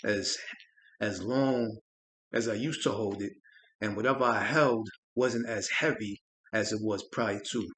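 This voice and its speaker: A man hosting a spiritual channel, telling a personal experience in an earnest, reflective way, often halting and repeating words. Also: lowish voice, fairly even intonation, fairly bright tone, slight background noise. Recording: roomy echo.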